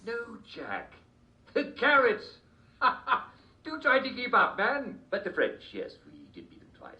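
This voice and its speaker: A man's voice: huge pitch swings, slow, muffled recording, heavily acted. A giggling mad old king. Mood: rambling. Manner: giggling, rambling, shrill outbursts. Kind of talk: video game TV sketch.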